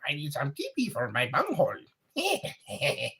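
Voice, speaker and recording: A man's voice: fairly high pitch, huge pitch swings, pushed and bright, breathy edge, exaggerated voice. A man doing an impression of a manic cartoon teen alter ego who rants frantically. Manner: hyper, rapid, jittery chanting.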